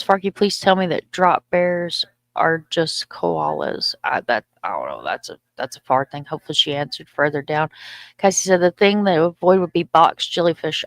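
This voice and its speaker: A woman's voice: on the low side, no room sound, studio quality. A middle-aged woman, hosting a casual live stream, reading comments aloud in a chatty, loose and profane way. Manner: chatty, loose and profane, stumbles over words.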